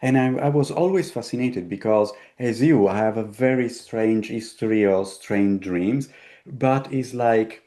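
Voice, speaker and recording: Low, mellow-voiced Italian man. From Italy. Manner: halting, with frequent restarts. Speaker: host. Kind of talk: conversational storytelling.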